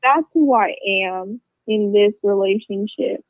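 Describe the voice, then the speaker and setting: A woman's voice: mid-range voice, unhurried, no echo. A woman telling a rambling, casual story, swearing a lot and filling it with "like" and "you know.". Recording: tinny phone-like sound, dry.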